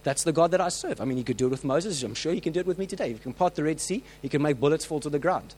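A man preaching a sermon, telling stories with lively acted-out voices and frequent restarts. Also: on the high side, racing, slight background noise, poor audio. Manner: animated storytelling, acts out quoted voices; many restarts and filler words.

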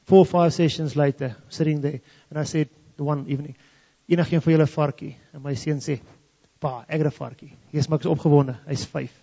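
A man's voice: fairly high pitch, fairly even intonation, a little fast, gravelly, few pauses, dark tone. A man from South Africa's Free State with an Afrikaans South African accent, a native Afrikaans speaker, telling a story as a testimony and switching between English and Afrikaans. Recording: dull lo-fi sound in a reverberant hall.

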